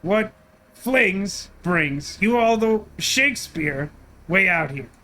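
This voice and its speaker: A man voicing a gruff male carnival ticket seller who answers in rhyming slang, on a game stream. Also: high voice, lively intonation, takes it slowly, pushed and bright, a little hiss or hum, heavily acted. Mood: mocking. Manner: rhymes every reply.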